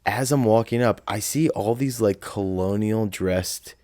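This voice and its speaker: A young man from South Jersey rambles through a story with lots of swearing, fillers and quoted asides. His voice sits low, and the recording is dry and close. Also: a little slow, darkish tone, dry recording. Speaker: podcast co-host. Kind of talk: casual chat, storytelling.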